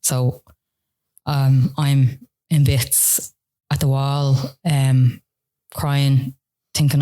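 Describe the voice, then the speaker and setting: An Irish woman telling her own story as a podcast interview guest, emotional and halting, with many "like" and "you know" fillers. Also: a bass voice, flat delivery, warm tone.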